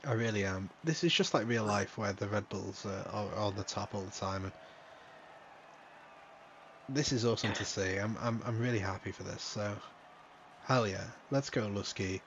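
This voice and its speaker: A man's voice: fairly low pitch, normal speed, dull audio, slight background noise. A man hosting a racing league stream in a casual, joking manner, swearing freely. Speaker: league host and commentator. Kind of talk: casual live-stream commentary.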